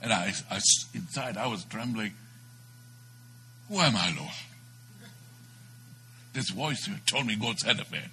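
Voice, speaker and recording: A man delivers a sermon in a low but bright, forceful voice. He tells his story dramatically, swinging between loud bursts and hushed near-whispers. A faint hum runs underneath. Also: a little fast, few pauses, low-quality recording. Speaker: preacher.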